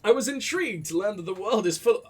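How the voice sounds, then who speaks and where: An earnest, curious young man writing letters, read aloud by a man in his own voice. The voice sits high and a bit husky, with an animated rise and fall. It is plain reading with no big character put on. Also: fast talker. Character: earnest young male novelist's son, curious. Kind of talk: reading a game message aloud.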